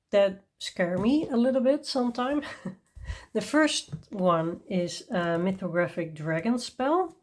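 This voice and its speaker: This woman runs a coloring channel and is presenting books in a relaxed show-and-tell review, yawning and a bit worn out. Her mid-range, darkish voice moves at a leisurely pace, and her enthusiastic chatter is sprinkled with ums and little laughs.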